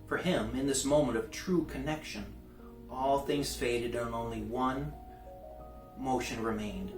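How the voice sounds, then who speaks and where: A man reading a novel aloud in a relaxed way, with small restarts. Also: medium pitch, a little slow. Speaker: reader. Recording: roomy, distant mic, faint guitar music.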